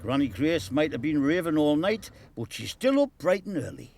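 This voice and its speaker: A man's voice: on the high side, very animated, moderate pace, darkish tone, slight background noise. A man narrating a documentary in a playful, punning scripted style.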